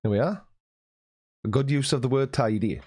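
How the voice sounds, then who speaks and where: Welsh male streamer, chatty and teasing, reads chat aloud, frequent throat-clearing. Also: medium pitch, normal speed, darkish tone. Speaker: live stream host. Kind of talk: casual live stream chat, reading out viewer comments. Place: warm room at home, at his desk.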